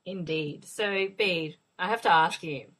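A woman's voice: lowish voice, a little slow, fairly bright tone, poor audio. A woman co-hosting a casual podcast, teasing guests and asking them questions. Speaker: podcast co-host. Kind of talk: casual chat.

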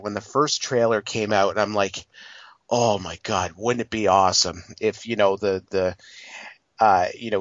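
A man's voice: fairly low pitch, dry recording, dull audio. A man in his late twenties giving a rambling, profane, casual movie review, full of fillers. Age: 20s. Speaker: film reviewer.

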